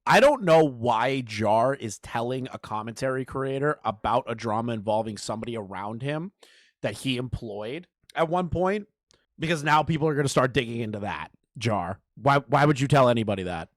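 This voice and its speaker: A man giving sarcastic, profane reaction commentary, mocking what he hears and breaking into loud outbursts. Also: medium pitch, animated, normal speed, dry recording. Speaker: commentary YouTuber. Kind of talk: reaction commentary over a call recording.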